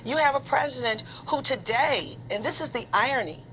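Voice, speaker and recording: An earnest woman speaks as a guest on a television news panel. Her voice is somewhat high, with a faint hiss behind it, and she stacks up her points one phrase at a time. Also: expressive, moderate pace, fairly bright tone, low-quality recording.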